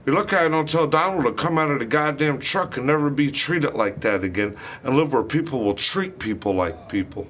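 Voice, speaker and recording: A man's voice: mid-range voice, animated, moderate pace, hardly any pauses, a bit bright, a little hiss or hum. A man delivering a rambling, angry monologue, swearing heavily and hurling accusations. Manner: heated, profane, accusatory ranting.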